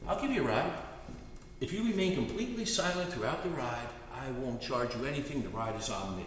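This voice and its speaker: A man's voice: mid-range voice, animated, a little fast, a bit bright, a little hiss or hum, lightly acted. A man voicing a cocky helicopter pilot who makes a boastful bargain. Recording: echoey hall, distant mic.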